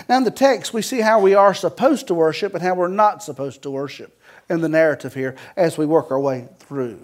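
A Southern-accented man from the Carolinas delivers a sermon from the pulpit. His voice sits a little on the high side, and he mixes scripture with folksy jokes and homespun turns of phrase. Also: fairly quick. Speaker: pastor.

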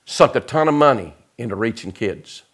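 A middle-aged man preaching an impassioned sermon in a church, swinging between loud shouts and quiet, close asides. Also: mid-range voice, expressive, normal speed, vocal fry. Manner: preaching with rising shouts and sudden drops to quiet. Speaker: guest preacher. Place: church sanctuary.

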